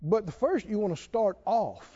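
A man's voice: high voice, lively intonation, normal speed, dark tone, breathy edge, lo-fi sound. A man preaching a sermon, drawing call-and-response replies from his congregation. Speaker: pastor.

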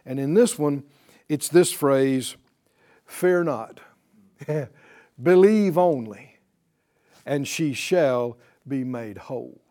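A man's voice: mid-range voice, takes it slowly, pauses often, mellow. A man teaching a Bible class, speaking emphatically, repeating his points and quizzing his students.

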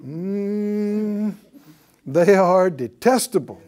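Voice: medium pitch, expressive, drawn-out words, a little mellow. A Bible teacher giving a broadcast lesson in a conversational way, often asking the audience rhetorical questions and chuckling while telling the story.

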